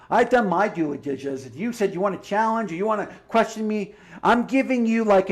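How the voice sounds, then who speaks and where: A man giving a heated, combative livestream monologue, full of swearing and sarcastic asides. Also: high-pitched. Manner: profane, combative ranting. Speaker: livestream commentator.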